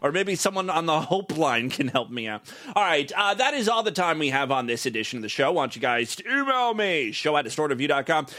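A male podcast host with a bright, ringing voice that swings up and down a lot. He talks loosely and jokes around. His pitch sits a little high for a man. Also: sing-song, brisk, hardly any pauses, dry recording. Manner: laughs often, loose and jokey. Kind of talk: casual podcast chat.

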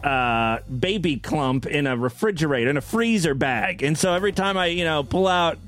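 A man's voice: on the high side, animated, moderate pace, a bit bright. A man hosting a comedy podcast, sarcastic and profane, with a lot of filler. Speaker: podcast host. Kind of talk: crude comedic commentary.

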